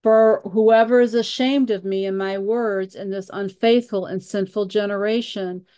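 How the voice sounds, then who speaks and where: A woman's voice: medium pitch, fairly even intonation, normal speed, warm tone, smooth, no echo. A woman leading a Bible study who reads scripture passages aloud and explains them with frequent fillers and repeated words.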